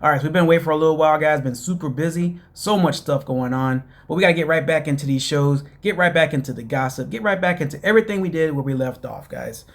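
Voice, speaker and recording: Male host with a slightly high voice, loose and chatty, rambling through a TV gossip recap aimed straight at his viewers. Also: fast talker, hardly any pauses. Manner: chatty, addresses listeners as "guys"; rambling with many fillers. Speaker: show host. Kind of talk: casual reality TV recap.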